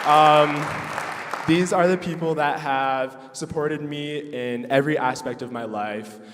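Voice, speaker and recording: A young adult male student pianist gives an emotional thank-you speech at his recital, full of ums and nervous laughter. His voice is a little high and his pace measured. He sounds distant in the reverberant recital hall, where a loud audience makes it very noisy.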